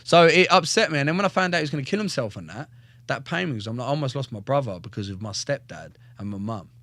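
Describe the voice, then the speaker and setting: A man's voice: mid-range voice, animated, fast, fairly bright tone. A man, a professional fighter, telling his life story as a podcast guest in a blunt, profane, joking way, often stumbling and repeating words. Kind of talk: casual storytelling in a podcast interview.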